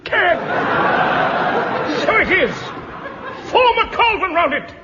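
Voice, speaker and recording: An actor playing an excitable, bumbling adventurer who narrates to the listeners in a theatrical 1950s radio comedy. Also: male voice, slow, a crowd in the background, exaggerated voice. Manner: shrill and theatrical, addresses the listeners. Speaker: hapless hero and narrator. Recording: muffled old radio broadcast, loud studio audience and hiss.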